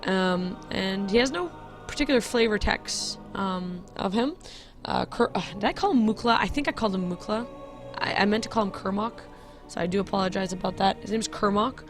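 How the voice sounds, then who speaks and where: A woman's voice: medium pitch, fairly quick, music in the background. A woman hosting a game video in casual, chatty commentary, giggling and often correcting herself.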